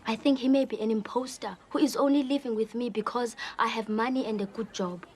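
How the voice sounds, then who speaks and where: A woman's voice: fairly high pitch, fairly even intonation, brisk, a little mellow, slight background noise, natural voice. A woman playing an earnest, polite young woman client telling her family story. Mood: troubled.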